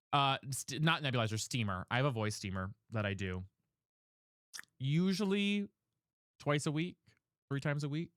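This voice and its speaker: A man's voice: mid-range voice, a bit bright, no room sound, clean studio sound. A young man streamer chatting casually with his chat, reading questions aloud and explaining voice technique.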